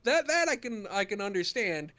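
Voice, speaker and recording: A man's voice: sits high, sing-song, moderate pace, bright, forceful tone. A man co-hosting a podcast, reading a dry, sarcastic recap of a cartoon episode and chatting with his co-hosts. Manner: dry, sarcastic commentary with chuckles. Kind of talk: read-out episode recap with banter.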